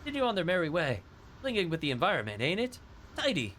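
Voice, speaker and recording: A man's voice: on the high side, huge pitch swings, fast talker, fairly bright tone, slight background noise, pitched above the performer's own voice. A man voicing a boastful male fairy sidekick while reading game text aloud.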